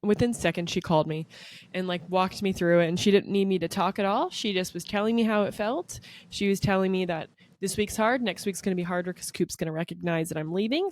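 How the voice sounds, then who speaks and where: A woman co-hosting a podcast, telling a personal story in a chatty, emotional way with lots of fillers. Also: on the low side. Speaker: podcast co-host. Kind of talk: casual podcast chat.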